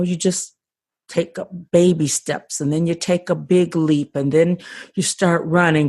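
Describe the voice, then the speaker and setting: A woman's voice: low-pitched, a little mellow. An older woman, a podcast guest, telling her story with passion and frequent restarts over a remote call. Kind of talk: conversational interview.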